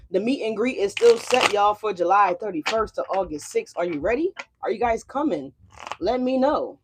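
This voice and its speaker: A woman's voice: medium pitch, noisy background. A woman doing a casual tarot reading for her channel, chatty and a little profane, calling her viewers y'all. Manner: loose and profane. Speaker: tarot reader. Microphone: desk mic.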